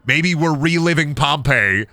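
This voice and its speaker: A man's voice: a little high, animated, unhurried, gravelly, pushed and bright, no echo. A young man streaming a game, rambling through goofy jokes, swearing, and chatting with his audience. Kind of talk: casual game-stream commentary.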